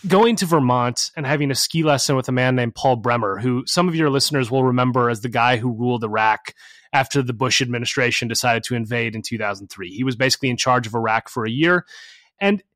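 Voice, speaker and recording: A man who is an academic guest on a podcast, explaining his research in an energetic, conversational way with frequent restarts. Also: mid-range voice, fast, no room sound, clean studio sound. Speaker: guest, professor and author. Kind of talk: conversational interview answers.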